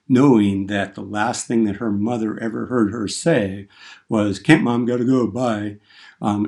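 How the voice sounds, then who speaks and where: Male instructor, slightly low voice, casual storytelling lecture that acts out its quotes. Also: a little mellow. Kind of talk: classroom lecture on speechmaking.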